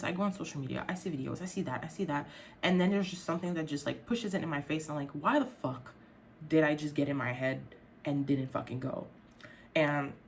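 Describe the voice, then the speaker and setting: Young woman YouTuber, frank and sensitive, swears freely, slightly low voice, casual vlog delivery. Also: a little hiss or hum. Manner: candid, heavy swearing, frequent fillers; emotional, sensitive.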